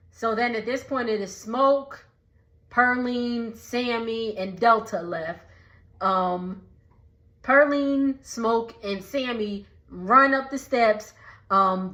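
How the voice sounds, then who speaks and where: A woman chats her way through a film recap, full of fillers and quick acted-out lines. Her voice sits on the higher side and she talks at an unhurried, drawn-out pace. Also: fairly bright tone, poor audio. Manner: chatty, many fillers, acts out lines. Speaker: vlogger.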